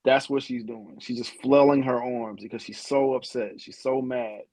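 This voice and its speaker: A man's voice: mid-range voice, fairly even intonation, normal speed, a little mellow, no room sound, low-quality recording. A man co-hosting a podcast in casual chat, laid-back and profane, often restarting his sentences. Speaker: podcast co-host.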